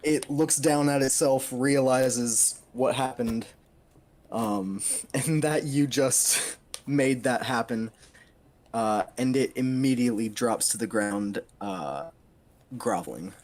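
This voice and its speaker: A man narrating as game master, halting with fillers and laughing often. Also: mid-range voice, a little mellow.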